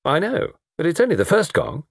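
A man voicing an irrepressible, bantering young gentleman in a storybook reading. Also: on the high side, very animated, brisk, gravelly, dry recording, clean studio sound, voice pushed up, heavily acted. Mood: teasing. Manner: bantering, theatrical.

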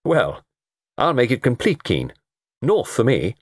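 A man voicing an irrepressible, bantering young gentleman in a storybook reading. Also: mid-range voice, huge pitch swings, measured pace, slightly rough, no echo, studio quality, full character voice. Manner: bantering, theatrical.

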